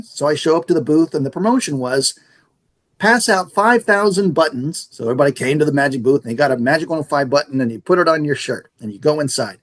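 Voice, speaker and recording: A middle-aged man, a radio station manager, telling stories in a casual interview and acting out the dialogue. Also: a little high. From San Antonio area, Texas. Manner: animated storyteller acting out dialogue.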